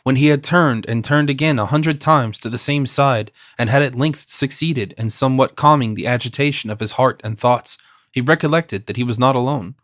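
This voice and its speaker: It's a dry, studio-quality recording of a man with a medium-pitched voice. He's performing a classic novel as an audiobook, reading in a measured and expressive way.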